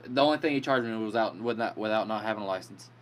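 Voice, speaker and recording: Man, podcast host type, relaxed and profane, storytelling. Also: lowish voice, quick pace, a little hiss or hum. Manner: laid-back, profane storytelling. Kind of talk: casual chat.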